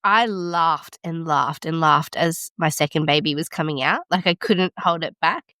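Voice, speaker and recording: A woman midwife hosting a podcast, chatting casually and warmly affirming her guest. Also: low-pitched, moderate pace, dry recording, studio quality. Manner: enthusiastic and affirming. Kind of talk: casual interview chat.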